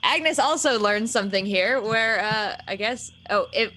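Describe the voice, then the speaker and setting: A woman's voice: medium pitch, unhurried, pushed and bright. A woman playing a tabletop game, narrating her character's actions in a chatty way, often laughing. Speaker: player.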